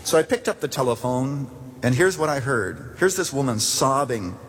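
A man's voice: medium pitch, lively intonation, moderate pace, breathy edge. A man preaching a sermon from the pulpit, earnest and storytelling, rising to emphatic questions. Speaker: pastor. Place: church sanctuary pulpit. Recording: long hall reverb.

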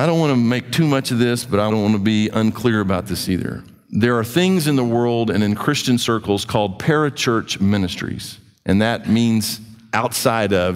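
A man preaching a sermon as pastor, swinging from quiet asides to raised, urgent appeals. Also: a little high, long reverb tail.

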